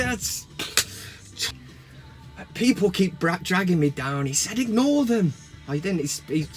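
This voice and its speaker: A middle-aged man from England with a Mancunian accent, ranting and joking to camera from his van, bursting into mock shouts. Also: sits high, expressive, unhurried, soft background music. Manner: swears and mock-shouts in outbursts. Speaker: vlogger. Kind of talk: casual comedic rant to camera. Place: parked van cab.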